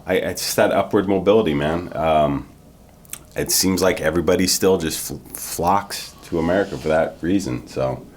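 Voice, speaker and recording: A man's voice: deep voice, darkish tone, slight background noise. A man co-hosting a podcast, telling a story in casual chat and saying "man" a lot. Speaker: podcast co-host.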